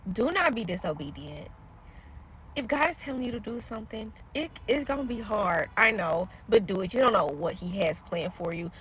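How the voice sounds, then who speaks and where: A woman's voice: fairly low pitch, slight background noise. A woman earnestly recounting a personal faith story to her followers. She rambles, trails off and keeps speaking to viewers directly. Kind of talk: casual spoken testimony to followers.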